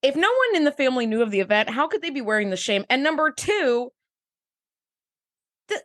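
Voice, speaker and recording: A woman co-hosting a podcast in casual chat, blunt and quick to swear. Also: high-pitched. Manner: blunt, swears freely, animated outbursts. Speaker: podcast co-host.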